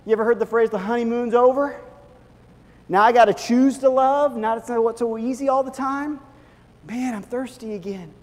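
High-voiced man preaching in a big hall. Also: normal speed. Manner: animated, swings from hushed to loud, acts out quoted voices. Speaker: pastor. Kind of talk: sermon. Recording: long reverb of a large hall.

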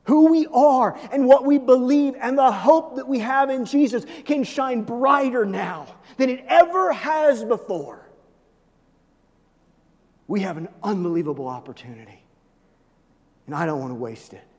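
A man preaching a sermon to his church, swinging between loud, urgent peaks and soft, low asides. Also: lively intonation, a little slow. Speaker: pastor. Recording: long reverb of a large hall.

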